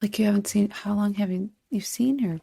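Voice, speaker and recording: A woman's voice: mid-range voice, fairly quick, vocal fry, dark tone, slightly rough, no echo, faint music behind. A woman co-hosting a podcast, chatting casually and giving short agreeing replies and wry asides. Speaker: podcast co-host. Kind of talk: casual recap chat.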